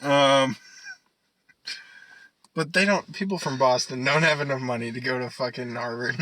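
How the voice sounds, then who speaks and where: A man's voice: mid-range voice, moderate pace, sharp tone, rough recording. A young man co-hosting a podcast in casual chat, rambling, swearing and laughing often. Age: young adult. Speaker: podcast co-host.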